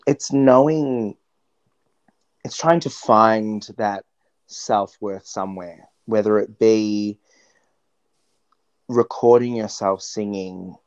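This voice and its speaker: A man talking earnestly as an interview guest, reflecting slowly with frequent restarts. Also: on the low side, no echo, muffled recording. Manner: earnest, searching, many restarts. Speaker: interview guest, stage performer.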